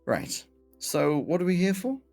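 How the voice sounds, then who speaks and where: A man narrating a tabletop game as game master, descriptive and halting, with many restarts. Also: sits high, sing-song, creaky, darkish tone, faint music behind.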